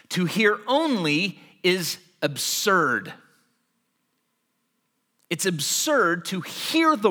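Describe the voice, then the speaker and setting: A man delivering a sermon from the pulpit, his voice high and bright. He swings his pitch widely as he tells everyday stories and acts out little scenes. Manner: animated storytelling, acting out everyday scenes. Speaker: pastor.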